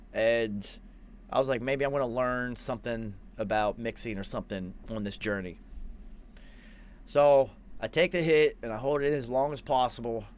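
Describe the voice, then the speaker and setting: A man in his forties, a podcast host, telling a long rambling story with lots of swearing and quoted asides. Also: medium pitch. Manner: rambling, profane, animated anecdote with self-quoting. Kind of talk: casual storytelling.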